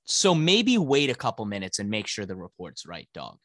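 A man's voice: on the low side, huge pitch swings, moderate pace, a bit bright, dry recording. A male podcast co-host ranting about sports in casual, profane talk.

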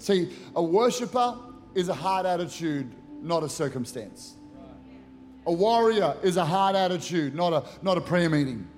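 A man's voice: high-pitched, a little mellow. A middle-aged male pastor preaching a conference sermon into a handheld microphone, emphatic and acting out prayers. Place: large church auditorium at a conference.

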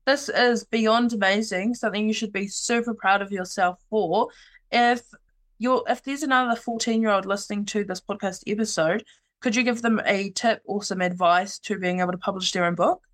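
A woman's voice: medium pitch, moderate pace, a bit bright. Bubbly New woman hosting a podcast. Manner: bubbly, teasing, laughs often. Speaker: podcast host. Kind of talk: casual interview chat.

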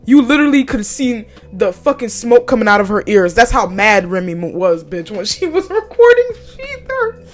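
Young woman, podcast host, high voice, very lively pitch, cussing, laughing a lot, casual chat. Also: moderate pace, faint music behind. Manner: profane, animated, laughs often.

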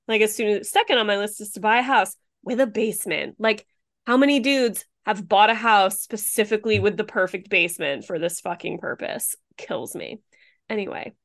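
A woman's voice: mid-range voice, creaky. A woman co-hosting a true-crime podcast, chatty and blunt, swearing often and filling her talk with "like.". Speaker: podcast co-host.

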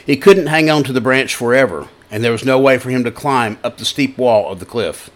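A male pastor delivering a broadcast sermon in a middle-pitched voice. He talks in a conversational, folksy way, moving from stories into scripture reading. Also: brisk.

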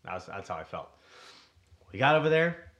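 A man's voice: lowish voice, sing-song, moderate pace, fairly bright tone, muffled recording. A young man co-hosting a casual podcast, telling a story in a rambling, hesitant way. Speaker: podcast co-host.

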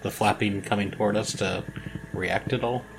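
A man playing a tabletop game, measured as he lays out his character's actions and the rules. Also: on the low side, fairly even intonation, a little hiss or hum, low-quality recording. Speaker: player. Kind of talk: casual tabletop play.

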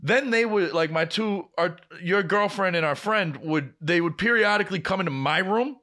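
A man's voice: high-pitched, moderate pace, bright, forceful tone. A young man co-hosting a podcast, telling a long, profane story in casual chat and acting out the dialogue as he goes. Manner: rambling, profane storytelling full of quoted dialogue. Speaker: podcast co-host.

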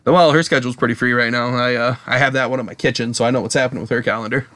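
A man co-hosting a casual podcast, excitable, swearing often and acting out quotes in a raised voice. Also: rapid-fire, no echo. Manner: excitable, swears a lot, acts out quotes in a higher voice. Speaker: podcast co-host.

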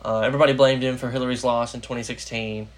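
A man's voice: medium pitch, flat delivery, fast talker. A young American man hosting a casual political podcast, rambling with lots of fillers. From United States. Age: young adult. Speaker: podcast host.

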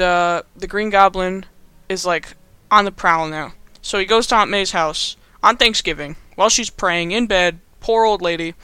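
A man's voice: high voice, sharp tone, clean tone, no echo. A young man casually recapping a movie in a rambling, amused way, full of fillers. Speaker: host.

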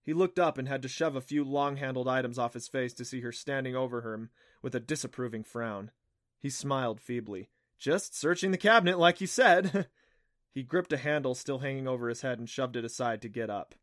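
A man reading a middle-grade adventure audiobook in an even storytelling manner. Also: medium pitch, a little fast, no echo, clean studio sound. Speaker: audiobook narrator. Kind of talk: scripted audiobook narration.

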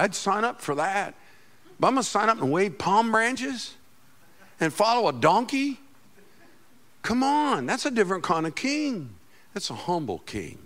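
A middle-aged man, a pastor, preaching a sermon with passion, swinging from loud outbursts to quiet asides. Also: mid-range voice.

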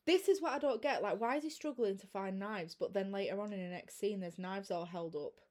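A woman chatting casually about a film, recapping scenes with quick restarts and asides. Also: mid-range voice, darkish tone. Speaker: film discussion co-host. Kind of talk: casual chat.

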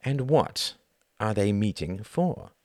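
A man's voice: fairly low pitch, lively intonation, takes it slowly, a little mellow, no echo, clean studio sound, voice pushed up. A man reading the part of a weary, cynical older aristocratic diplomat with a sardonic drawl.

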